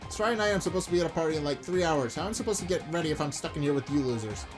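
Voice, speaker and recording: A man's voice: a little high, lively intonation, very fast, music in the background, close to an everyday voice. A man voicing a vain, spoiled young actress, snippy and self-absorbed. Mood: whiny.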